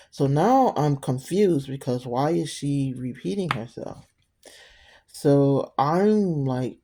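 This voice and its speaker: A woman's voice: rumbling low, takes it slowly, mellow. A middle-aged woman telling a personal story in a rambling, conversational way, with frequent asides to the listener. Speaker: storyteller vlogger.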